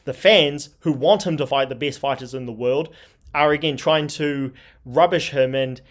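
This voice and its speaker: A man's voice: mid-range voice, moderate pace. A man hosting a sports commentary channel, talking in an indignant, scornful tone. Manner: indignant, scornful, reads tweets aloud. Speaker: MMA commentary channel host. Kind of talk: opinionated commentary.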